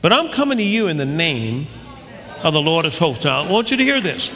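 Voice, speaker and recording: A man preaching a sermon with fervor, reading scripture and building up to shouted, rising climaxes. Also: fairly high pitch, sing-song, fairly quick. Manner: fervent, building to shouting crescendos. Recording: long hall reverb.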